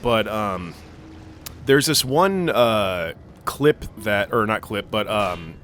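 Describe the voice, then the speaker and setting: A man's voice: fairly low pitch, expressive, takes it slowly, a bit bright, a little hiss or hum. A young man co-hosting a gaming video, rambling through a long story full of fillers and swearing while he plays. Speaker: gaming channel co-host. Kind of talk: casual let's-play storytelling.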